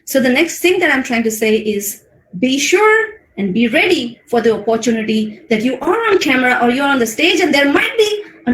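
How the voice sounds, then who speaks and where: A woman with an Indian English accent giving a webinar talk on public speaking. She speaks expressively and shows voice modulation with big swings in pitch. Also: fairly bright tone, roomy sound, slight background noise, low-quality recording. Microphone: video call mic.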